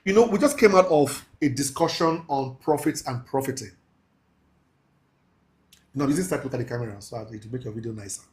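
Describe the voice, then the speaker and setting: A man teaching a mentorship class, talking in a preachy, emphatic way, slowing down to stress key phrases and laughing with his students. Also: medium pitch. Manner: laughs often, casual asides to the class. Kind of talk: live class lecture.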